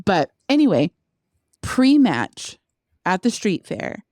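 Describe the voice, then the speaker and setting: A young woman co-hosting a casual podcast, animated and laughing often as she chats. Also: mid-range voice, takes it slowly, dry recording, clean studio sound. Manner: excitable, laughs a lot, animated disbelief. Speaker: podcast co-host. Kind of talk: casual chat.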